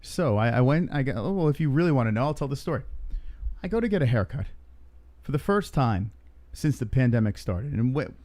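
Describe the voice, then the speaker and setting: A man's voice: medium pitch, big pitch swings, fairly quick, darkish tone. A man co-hosting a casual news chat show, teasing and bantering. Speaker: co-host.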